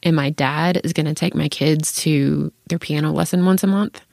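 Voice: medium pitch, steady tone, moderate pace, gravelly, darkish tone, no room sound, studio quality. A parent in their thirties in candid casual chat, open and frank, swearing freely and laughing between thoughts.

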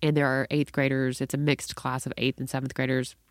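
A middle-aged woman telling a story in casual chat, bringing the people in it to life. Her voice sits low and sounds dry and close, with no room around it. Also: a little fast, no echo. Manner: animated storyteller, acts out quoted voices.

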